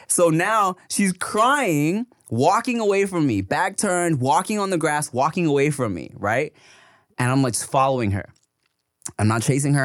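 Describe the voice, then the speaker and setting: A man in his thirties co-hosts a podcast and tells a story in casual, profane talk. His pitch jumps around a lot, and he laughs often. The sound is close and dry, with no room echo. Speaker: podcast co-host. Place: podcast studio.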